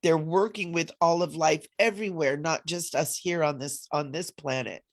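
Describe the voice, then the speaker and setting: A woman's voice: low-pitched, normal speed. Laughing woman in spiritual chat. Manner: laughs often, playful and animated. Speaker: co-host.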